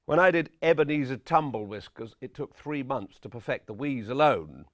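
A man playing a vain, pompous middle-aged character actor, lecturing on his craft in a deadpan, self-regarding way. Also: mid-range voice, moderate pace, dry recording, studio quality, natural voice. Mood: self-important. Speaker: actor giving acting advice. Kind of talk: deadpan spoof documentary address.

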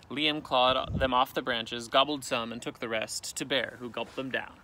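A male teacher reading a picture book aloud with expressive, dramatic storytelling, outdoors in a canoe. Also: mid-range voice, moderate pace, a little hiss or hum.

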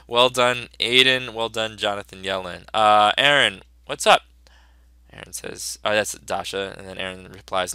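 A man's voice: lowish voice, normal speed, bright, forceful tone, clean tone, no echo. A man teacher giving a casual, upbeat review of his students' work, chatty and full of fillers.

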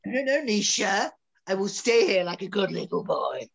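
A woman's voice: mid-range voice, big pitch swings, moderate pace, gravelly, husky, full character voice. A woman playing a petulant, self-pitying male theatre director in an online student drama. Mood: sulky. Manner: whiny, sulky, melodramatic. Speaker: student actor. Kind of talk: online amateur drama over video call. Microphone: video call. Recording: dull lo-fi video call audio.

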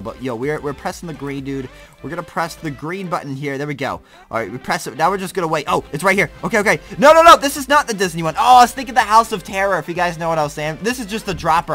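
A young man giving excitable, slangy let's-play commentary, laughing and reacting loudly as he plays. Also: high voice. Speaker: gaming YouTuber.

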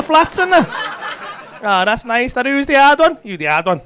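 A man's voice: extremely high pitch, very animated, a little slow, a little hiss or hum. A man doing stand-up crowd work, teasing and swearing with laughing banter. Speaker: stand-up comedian. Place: comedy club stage. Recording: live club with loud crowd. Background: audience laughter.

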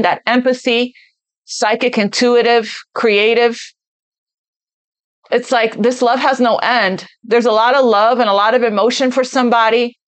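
A woman with a somewhat high voice talks her way through a tarot spread off the cuff. She speaks earnestly, as if passing on messages she senses, and repeats words to press her point. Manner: repeats phrases for emphasis. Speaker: tarot reader. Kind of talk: spontaneous tarot card reading.

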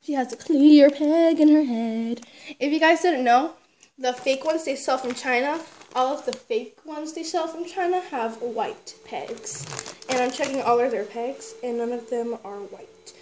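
A woman chatting excitedly while unboxing a toy haul, gushing and squealing, then dropping to hushed whispers. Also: high-pitched, a little slow, a little hiss or hum. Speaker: toy collector vlogger.

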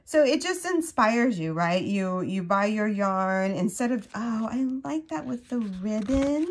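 Slow-talking gushing woman crochet vlogger. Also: mid-range voice, vocal fry. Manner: gushing, excitable, gasps and trails off mid-sentence. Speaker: crochet channel host. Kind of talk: casual unboxing chat.

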